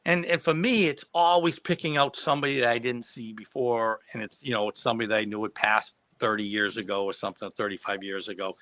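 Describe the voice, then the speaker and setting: Bright-voiced man telling rambling stories. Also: fairly low pitch, fast, few pauses, dry recording. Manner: rambling, many restarts, laughs at own story. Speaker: guest who acted as a child extra. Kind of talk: casual anecdote on a live stream.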